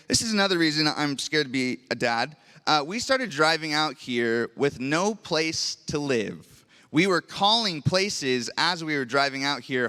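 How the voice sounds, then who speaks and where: A young man preaching with a crisp, clear voice and a bright, forceful edge. He tells a personal story earnestly and now and then grows emotional. The sound rings with the long reverb of a large church hall. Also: medium pitch. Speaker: pastor.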